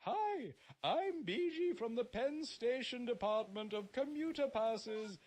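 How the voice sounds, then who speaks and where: A man putting on the voice of a prim automated phone-line clerk, speaking in a slow, overly formal, sing-song way. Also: extremely high pitch, lively intonation, darkish tone, pitched above the performer's own voice, heavily acted.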